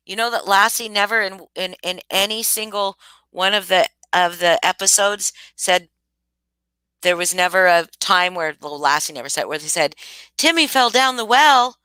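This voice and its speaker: A young adult woman hosting a casual livestream, chatting with viewers and reacting in animated disbelief. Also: medium pitch, a little slow, clear, resonant tone, no echo, rough recording. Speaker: livestream host.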